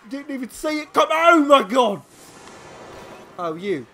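Excitable, swearing gameplay commentator. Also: high-pitched, unhurried, pauses often. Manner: excitable, yelling and taunting enemies, swears a lot. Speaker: let's play commentator.

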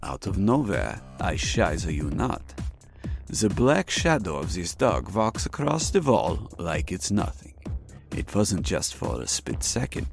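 A man telling a spooky childhood story in a put-on mock German accent, deadpan and crude. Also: sits low, a little slow, creaky, music in the background, heavily acted.

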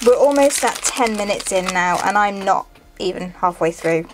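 A woman's voice: medium pitch, expressive, moderate pace, noisy background. A young woman hosting a card-opening video, chatty and giggly, repeating herself as she reads out each card. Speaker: channel host opening card packs. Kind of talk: casual chat while opening booster packs. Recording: faint music behind.

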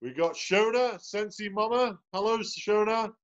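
A man with a high-pitched voice talks a little slowly as he runs a sales team video call. He greets people individually and keeps the chat cheerful and motivational, though the call audio is dull and lo-fi.

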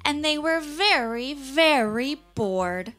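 A woman's voice: high voice, animated, slow, fairly bright tone, faint music behind. A woman narrating a children's puppet show with sing-song, exaggerated storytelling emphasis.

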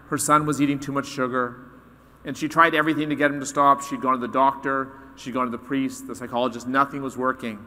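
Man, keynote speaker, storytelling, bright forceful voice, long hall reverb. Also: on the high side. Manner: animated storyteller, acts out quoted voices. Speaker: conference speaker.

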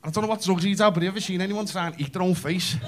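A man in his thirties with a Scouse accent doing brash, sweary stand-up comedy on a club stage, telling stories fast. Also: high voice, fairly even intonation, background noise. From Liverpool, England.

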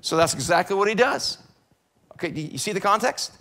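A middle-aged American man preaching a sermon in a church, animated, swinging between loud bursts and hushed passages. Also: high voice, a little fast. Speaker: pastor. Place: church sanctuary.

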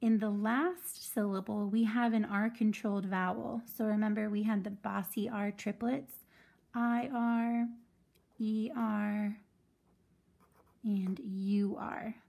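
A woman's voice: medium pitch, steady tone, moderate pace, vocal fry, few pauses, a little mellow. A woman teaching a phonics lesson to children, patiently sounding out words syllable by syllable.

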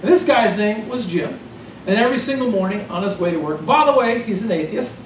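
Animated male pastor preaching, echoey hall. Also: high-pitched, fairly quick. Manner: animated storytelling. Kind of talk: sermon. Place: church sanctuary. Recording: echoey church hall, distant mic, noisy.

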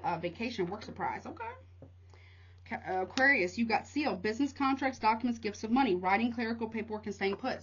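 A woman's voice: medium pitch, muffled recording, a little hiss or hum. A young woman giving a casual tarot reading, rattling off card meanings in a chatty way and calling listeners honey. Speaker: tarot reader.

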